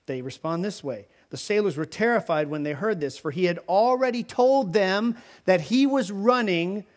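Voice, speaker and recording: A man preaching a sermon, retelling the story in a casual, animated way with filler words. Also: high-pitched, moderate pace. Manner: animated storytelling, voicing characters in quotes. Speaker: pastor.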